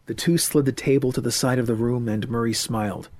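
A man narrating an audiobook in a steady, even storytelling manner. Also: medium pitch, a little fast, hardly any pauses. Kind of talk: scripted narration.

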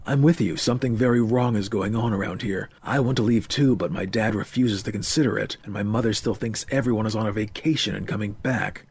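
A man's voice: lowish voice, brisk, few pauses, darkish tone, husky. A man voicing an earnest young shopkeeper who speaks plainly, in an audiobook.

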